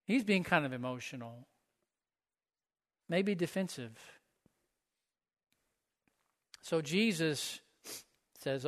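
A man's voice: a little high, lively intonation, takes it slowly, pauses often, fairly bright tone. A man pastor preaching a sermon in a church, conversational and often asking the listeners questions. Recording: echoey hall.

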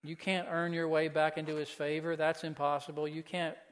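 High-voiced pastor preaching in a reverberant hall. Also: male voice, level tone, fairly quick. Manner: earnest preaching with rhetorical questions. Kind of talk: sermon.

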